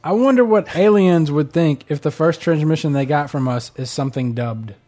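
Young man, somewhat high voice, exasperated casual ranter. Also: moderate pace, darkish tone, faint music behind. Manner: ranting, exasperated. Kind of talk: casual chat.

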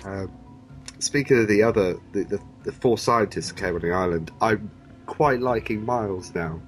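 A man in casual chat about a TV show, talking animatedly and breaking into quick impressions. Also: on the low side, soft background music.

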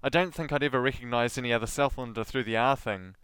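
A man's voice: mid-range voice, fast, a bit bright, clear, resonant tone, dry recording. A man with a Southland New Zealand accent hosting a podcast, reading a scripted monologue with a dry, self-deprecating delivery. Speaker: podcast host.

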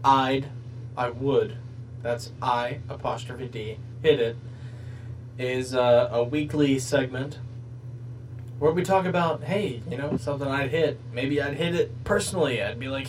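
A man's voice: medium pitch, unhurried, distant mic, a little hiss or hum, rough recording. Jokey rambling man, a bit off-mic. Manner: jokey, rambling, crude humor. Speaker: podcast host. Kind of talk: casual comedic chat.

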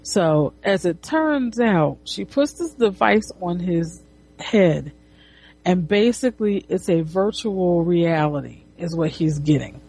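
A woman's voice: lowish voice, animated, takes it slowly, a little mellow, breathy edge. A woman casually retelling a comic book, rambling with restarts and swearing. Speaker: comic reviewer.

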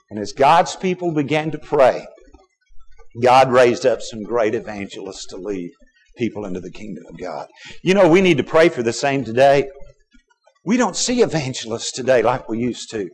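A middle-aged man preaching from the pulpit. His pitch sits at an ordinary middle height. He pushes hard and loud on his appeals, then drops to soft, low asides. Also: breathy edge. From Texas. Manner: emphatic preaching with sudden loud and soft swings. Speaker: pastor. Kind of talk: sermon.

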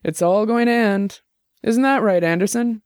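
A man voicing a tipsy, argumentative young woman musician who talks loud and bitter in a bar. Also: high-pitched, normal speed, clean tone, no echo, clean studio sound, voice pushed up, natural voice.

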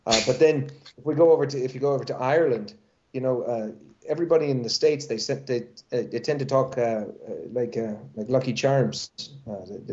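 A man's voice: mid-range voice, fairly quick, a little mellow. Middle-aged guy rambling about voice work, lots of restarts, kinda dull lo-fi audio. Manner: rambling, self-correcting, playful. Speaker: voice actor guest. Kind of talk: casual interview chat. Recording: dull lo-fi sound.

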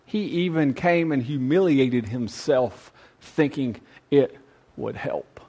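A man's voice: medium pitch, takes it slowly, a little mellow. A man preaching a youth sermon, conversational and emphatic with folksy asides.

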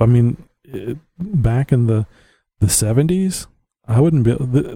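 A man's voice: medium pitch, mellow, dry recording. A man with a Southern US accent hosting his own podcast, rambling on in a blunt, opinionated way and chuckling to himself. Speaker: podcast host. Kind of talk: casual rambling monologue. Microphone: home podcast mic.

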